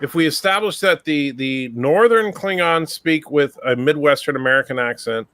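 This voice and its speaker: A man's voice: on the high side, normal speed, fairly bright tone, no echo. A man hosting a casual online chat, bantering with wry, opinionated remarks. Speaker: podcast host.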